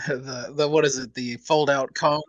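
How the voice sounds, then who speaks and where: A man's voice: mid-range voice, fairly even intonation, normal speed, no echo, dull audio. A man co-hosting a podcast, making jokes as he comments on a movie. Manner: joking, wisecracking. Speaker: podcast co-host.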